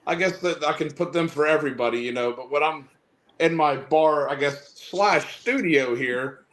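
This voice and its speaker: Laid-back host, a bit high-voiced. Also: male voice, moderate pace, fairly bright tone. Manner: laid-back, swears freely, slips into mocking voices. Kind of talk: casual chat. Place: home bar and studio.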